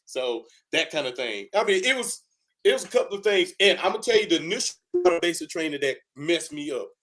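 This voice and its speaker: A man's voice: on the high side, fast talker. An older man, a retired army first sergeant, telling stories from basic training in a loose, conversational way on a video call. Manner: lively, animated, acts out the people in his stories. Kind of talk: casual storytelling.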